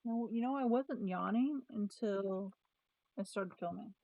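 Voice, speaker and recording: Woman vlogger at her desk, rambling thinking-aloud chat; warm low-key tone, dry and a bit dull. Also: a little slow, dry recording. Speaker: planner vlogger. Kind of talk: casual chat.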